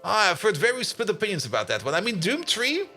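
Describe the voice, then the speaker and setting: Chatty, high-voiced male game streamer. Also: huge pitch swings, quick pace, sharp tone, soft background music. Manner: chatty, laughs often, greets chat viewers. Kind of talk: casual live-stream chat.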